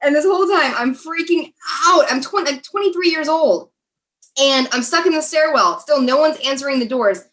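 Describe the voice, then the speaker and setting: A woman's voice: high-pitched, expressive, moderate pace, a bit bright. A young American woman, a podcast guest, telling a story in casual chat, laughing often and talking with many fillers and restarts. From USA.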